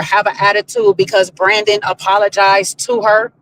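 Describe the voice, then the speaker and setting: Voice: medium pitch, steady tone, brisk, hardly any pauses, a bit bright, rough recording. Giggly podcast co-host, faint background hiss. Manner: giggly, breaks into laughter. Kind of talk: casual reality-show recap chat.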